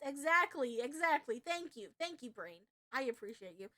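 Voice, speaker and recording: A young woman streaming live, reacting excitably with swearing and loud outbursts. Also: high voice, normal speed, hardly any pauses.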